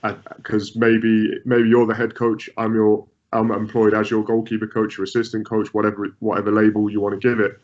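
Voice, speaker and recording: A goalkeeping coach is interviewed and talks through his ideas in conversational answers, often repeating words and restarting sentences. His voice is lowish and completely flat, running a little fast with hardly any pauses. The audio is muffled and lo-fi.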